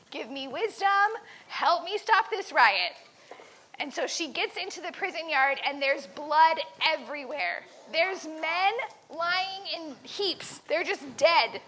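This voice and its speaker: Camp teacher, woman, lively storyteller for kids; very high and bright. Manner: animated, dramatic, quizzes the listeners. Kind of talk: storytelling to children.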